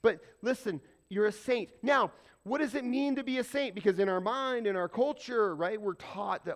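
High-voiced animated pastor preaching. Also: male voice, moderate pace, hardly any pauses. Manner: animated and conversational, asks the congregation questions. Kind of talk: sermon.

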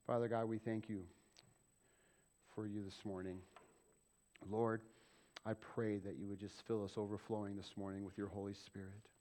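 A man preaching a sermon as pastor of a church, asking the congregation questions and acting out quoted voices. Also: lowish voice. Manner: animated, asks the congregation questions and acts out quick quoted voices.

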